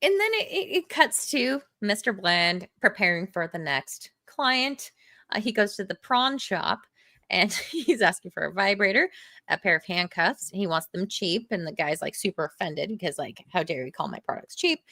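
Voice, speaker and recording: A woman recapping film scenes on a casual podcast, with a bright, lively voice that leaps up when she laughs. She is on a close, dry computer mic. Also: mid-range voice, moderate pace, no room sound. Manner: giggly plot recapping. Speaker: podcast co-host. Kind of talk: casual chat.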